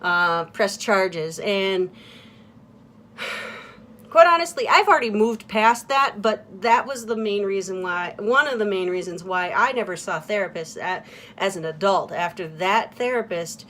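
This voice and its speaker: Speaking to her camera in a relaxed, confessional monologue, a woman stumbles through candid thoughts with frequent fillers and restarts, her words often drifting off quietly. She has an expressive, mid-range voice.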